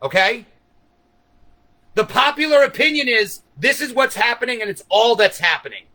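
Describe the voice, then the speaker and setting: Male streamer, high bright voice, profane conspiratorial rambling monologue to viewers. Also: lively intonation, moderate pace, poor audio. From United States. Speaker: livestream host.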